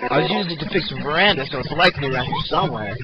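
A man voicing a kindly, fussy old male mushroom grandpa in a video game, over a dull lo-fi mic with loud game music behind. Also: on the high side, expressive, rapid-fire, over a noisy crowd, lightly acted. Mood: helpful.

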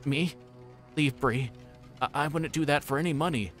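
A man's voice: fairly low pitch, fairly even intonation, moderate pace, a bit bright, faint music behind, close to an everyday voice. A man voicing a fussy, anxious middle-aged male innkeeper who stammers, in a book reading. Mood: scared. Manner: flustered, stammering.

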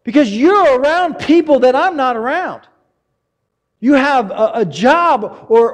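Earnest high-voiced male pastor. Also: big-room sound. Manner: earnest, confessional, rambling with many restarts. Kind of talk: sermon.

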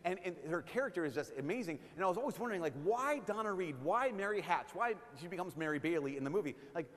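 A man preaching as a priest, in an animated, joking way that slips into impressions. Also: high-pitched, fast. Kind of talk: sermon. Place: church. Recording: long church reverb.

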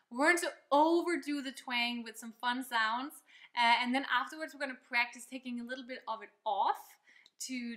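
A woman's voice: a little high, sharp tone. A woman teaching a singing lesson, explaining step by step in an upbeat, encouraging way. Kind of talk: vocal lesson with demonstrations. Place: loud location, not a quiet studio.

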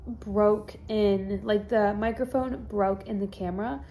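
A woman's voice: medium pitch, fairly even intonation, measured pace, dark tone. A young woman vlogging into her phone with a teary, crying voice, gushing and saying "like" constantly, in a hotel room. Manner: gushing, heavy use of "like". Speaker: fitness influencer. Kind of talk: casual vlog confession.

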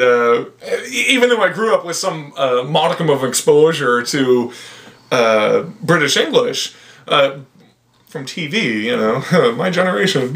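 A middle-aged American man in a loose, rambling chat, full of sarcastic jokes. His voice sits a bit on the high side for a man. He wanders from one tangent to the next. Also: fairly bright tone. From United States. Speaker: son chatting with his mother. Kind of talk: casual chat.

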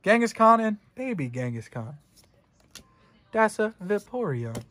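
Sing-song and high-pitched, with a fairly bright tone and a measured pace, a young man hosts a casual trading card unboxing. He rambles to chat, joking and cursing freely.

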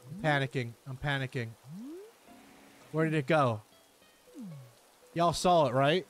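A man's voice: on the high side, faint music behind. Loose, swearing male gamer talking to chat. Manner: talks straight to chat, swears freely, quick to yelp. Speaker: streamer playing a video game. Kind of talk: casual live-stream commentary.

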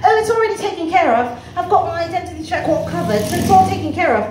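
A man's voice: extremely high pitch, a little slow, reverberant, background noise. Woman doing a breezy, dismissive posh man. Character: smooth man with a posh manner.

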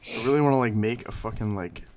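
A man hosting casual gameplay commentary, swearing freely and yelling at in-game scares. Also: on the low side, quick pace. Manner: profane, shrieks and yells at in-game scares. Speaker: gaming channel host.

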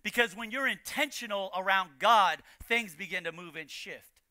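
A man preaching a sermon as pastor, building to shouted emphasis and repeating key lines. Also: sits high, normal speed, dry recording. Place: church.

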